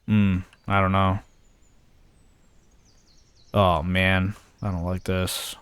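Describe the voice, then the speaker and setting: A man's voice: sits low, flat delivery, very slow, a bit bright, smooth, no echo. A young man giving casual let's-play commentary, thinking aloud and talking himself in and out of ideas as he goes. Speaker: gaming video host.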